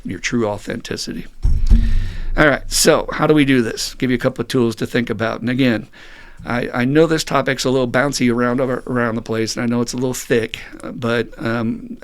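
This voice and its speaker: A man's voice: mid-range voice, fairly bright tone. A middle-aged man hosting a recovery podcast, talking in an earnest, musing monologue and acting out the voices he quotes. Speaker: podcast host and recovery group counselor.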